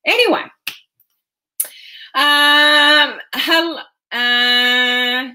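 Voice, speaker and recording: A woman coach chats casually on a live stream, rambling along with plenty of ums. Her voice sits a little high and rings out bright and forward. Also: very slow. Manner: chatty and rambling, with frequent ums.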